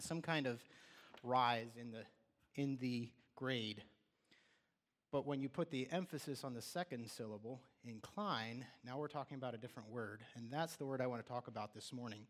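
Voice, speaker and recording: A man preaching a sermon in a loose, conversational way, often restarting his sentences and acting out what people say. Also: medium pitch. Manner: conversational, with restarts and acted-out quotes. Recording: long hall reverb.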